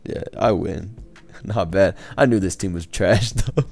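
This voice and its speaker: Deep, gravelly, young man, laid-back, swearing, trash-talking gameplay commentary. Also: unhurried, darkish tone. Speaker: gaming streamer. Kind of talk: casual live commentary over gameplay. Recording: faint background music.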